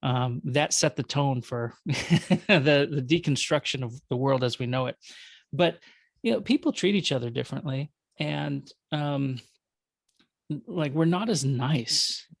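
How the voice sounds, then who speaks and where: Minnesota-accented man guest, gravelly, loose and jokey, dry recording. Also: mid-range voice, measured pace, no room sound. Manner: rambling, self-correcting, joking. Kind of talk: conversational interview.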